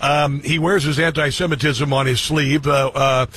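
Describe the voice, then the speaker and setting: A man's voice: fairly high pitch, fairly even intonation, slightly rough. A man hosting a talk radio show, talking loosely with many fillers and bursts of laughter. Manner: loud, laughing, quick asides, many fillers. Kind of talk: conservative talk radio chat.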